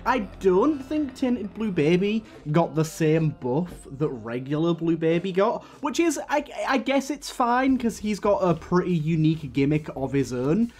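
A man's voice: high-pitched, sing-song, measured pace, hardly any pauses, a little mellow, faint music behind. A man giving casual, rambling commentary while playing a video game, hiccuping now and then. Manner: chatty, rambling, frequent fillers and restarts. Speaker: gaming YouTuber.

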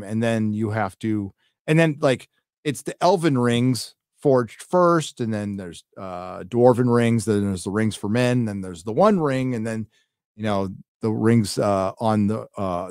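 A middle-aged man with a medium-pitched, slightly mellow voice hosts a live stream, recorded in studio quality with no echo. He chats casually and reads out donations, rambling, swearing, and using lots of fillers.

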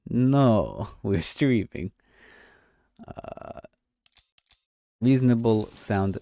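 A man's voice: lowish voice, very animated, drawn-out words, creaky, pauses often, warm tone, no echo. A man casually commenting on his game stream, joking, swearing and reading game text aloud in clipped bits. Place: home streaming setup.

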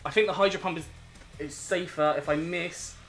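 A man's voice: fairly high pitch, steady tone, moderate pace, fairly bright tone, faint music behind. A man commentating his own competitive game battle, thinking aloud and turning exasperated and self-critical at his mistakes. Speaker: gaming video host.

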